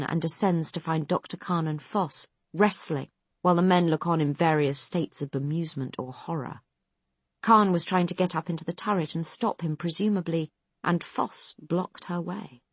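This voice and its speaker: A woman narrating an audiobook in a steady, even storytelling manner. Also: on the low side, no echo.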